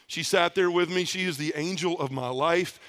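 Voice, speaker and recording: Speaking at a moderate pace, this conference speaker has a voice on the high side with a fairly bright tone. The middle-aged man stands on a conference hall stage, recounting his own story heartfeltly and often in the present tense.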